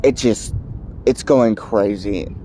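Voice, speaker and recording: A man's voice: lowish voice, slow, dark tone, slight background noise. A man vlogging a heated political rant to camera, angry and emphatic, sounding stuffed up from allergies. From United States.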